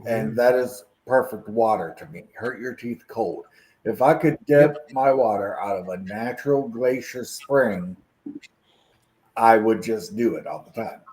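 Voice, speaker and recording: A man's voice: on the low side, measured pace, a little mellow, roomy sound, poor audio. A man from Kentucky hosting a casual livestream chat, telling easygoing stories. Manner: storytelling, easygoing. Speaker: host.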